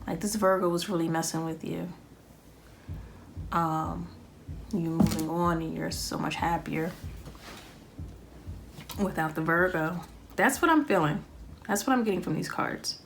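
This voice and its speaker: A woman with a fairly low voice talks through a tarot reading in a loose, rambling way, pausing often with ums as she thinks aloud. A faint hiss sits under the recording. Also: vocal fry. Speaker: tarot reader.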